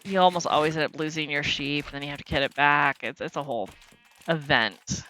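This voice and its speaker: A woman's voice: deep voice, a little fast, pushed and bright, a little hiss or hum. A woman streaming a game, chatting casually to her viewers, joking about her own mistakes and laughing often. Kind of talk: casual live-stream commentary.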